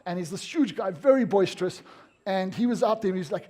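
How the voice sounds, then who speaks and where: Energetic South African man with a high voice. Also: fairly quick. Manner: energetic, emphatic, direct to audience. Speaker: motivational speaker. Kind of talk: live seminar talk. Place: event room with audience.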